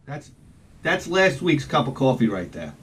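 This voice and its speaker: A man's voice: mid-range voice, sing-song, unhurried, background noise. A man rambling in a casual vlog outdoors, chatting with joking asides about his collection. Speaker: collector vlogger.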